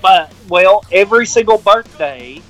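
A man with a high voice grumbles and curses through his stories on a podcast, often stumbling over his first words. Faint music plays in the background. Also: lively intonation, a little slow, fairly bright tone. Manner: grumbling, swears, stammers at starts. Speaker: podcast co-host. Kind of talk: casual chat.

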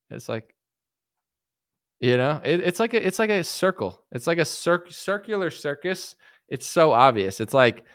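A man's voice: mid-range voice, a bit bright, no echo, studio quality. A man giving rambling, sarcastic political commentary in a solo vlog, full of "it's like" and mocking quotes.

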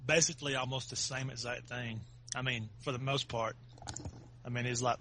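A man's voice: mid-range voice, fairly even intonation, normal speed, sharp tone, slight background noise. A man, a podcast guest, telling a playful story in a casual chat, laughing often.

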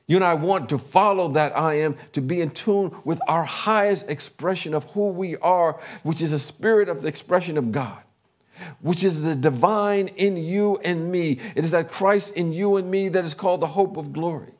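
Middle-aged guy preaching, kinda high voice, earnest and building energy. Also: moderate pace. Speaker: pastor. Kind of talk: sermon.

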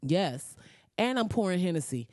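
A young woman in a casual reaction vlog, talking excitedly and profanely, laughing often and slipping into mock-outraged asides. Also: lowish voice, normal speed, dry recording, studio quality. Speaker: vlogger reacting to a movie trailer.

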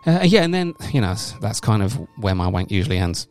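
A man, co-hosting a comedy podcast and rambling through a deadpan, absurd story, with sudden loud shouts now and then. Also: fairly low pitch, a little fast, soft background music. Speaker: podcast co-host. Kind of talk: casual comedic podcast banter.

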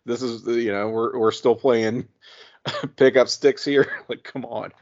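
A man's voice: mid-range voice, fairly even intonation, a little slow, darkish tone. Laughing man on a podcast. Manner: laughs often, many restarts and fillers. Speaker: podcast co-host or guest. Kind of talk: casual chat. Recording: muffled podcast audio.

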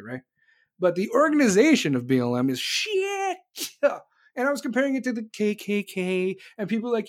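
Blunt, swearing political ranter. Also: mid-range voice. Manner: blunt, sarcastic, heavy swearing. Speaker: online show host. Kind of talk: profane political rant to viewers.

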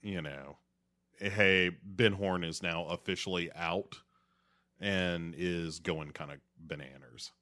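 Slow, low-voiced man chatting. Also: fairly even intonation, sharp tone. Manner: laid-back, drawn-out recaps with playful silly voices. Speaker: podcast co-host. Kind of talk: casual chat.

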